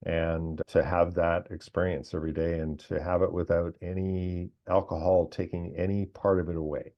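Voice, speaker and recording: A man who works as a coach, speaking in a measured, thoughtful way as a podcast guest. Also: low voice, level tone. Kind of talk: reflective casual chat. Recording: dull lo-fi audio.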